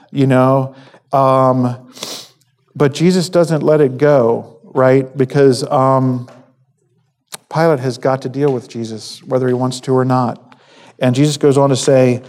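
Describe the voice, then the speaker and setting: A man giving a conversational sermon, halting with fillers and restarts, acting out quoted lines. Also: medium pitch, steady tone, darkish tone. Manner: acts out quoted speech. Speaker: preacher.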